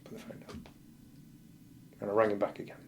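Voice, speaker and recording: A man's voice: fairly quick, slight background noise. A male firefighter, a podcast guest, telling a painful personal story bluntly and vividly, acting out what people said. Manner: blunt, vivid retelling that acts out the dialogue.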